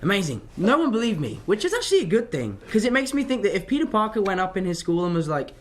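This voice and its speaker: A young man chats through fan questions in a loose, rambling way, drifting off topic as he tells stories. His voice sits a little higher than most men's. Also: big pitch swings, fast talker, a little hiss or hum. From London, England. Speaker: actor answering fan questions. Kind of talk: casual livestream Q&A.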